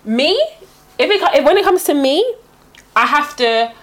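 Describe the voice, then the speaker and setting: A woman's voice: high voice, moderate pace. A young woman chatting casually, telling stories with animation and acting out what others said. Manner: animated storytelling, acts out quotes. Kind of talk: casual chat.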